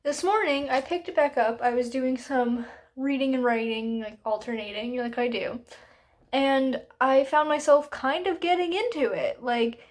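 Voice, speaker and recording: A woman's voice: high voice, moderate pace. A woman ranting casually about a book in a reading vlog, chatty and exasperated, with lots of fillers. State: hiccuping. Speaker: book vlogger.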